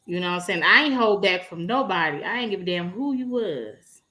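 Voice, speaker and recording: A woman's voice: fairly low pitch, expressive, brisk, bright, forceful tone. A woman co-hosting a casual chat, blunt and outspoken. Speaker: podcast co-host.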